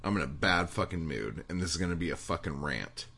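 A man's voice: sits low, animated, brisk, vocal fry, pushed and bright. A man hosting a podcast, swearing constantly through a fired-up, angry rant. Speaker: podcast host.

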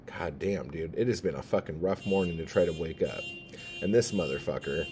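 Low, dark-toned male podcast host; sarcastic, profane rambling monologue. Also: fairly quick, slight background noise. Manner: sarcastic, swears constantly.

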